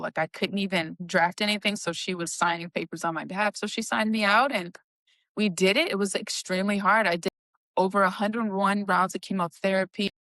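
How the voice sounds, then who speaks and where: A woman's voice: mid-range voice, a bit bright, no echo. A young adult woman telling her own story with emotion, acting out the dialogue. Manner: emotional, retelling dialogue with "I was like". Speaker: cancer survivor guest. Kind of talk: personal storytelling.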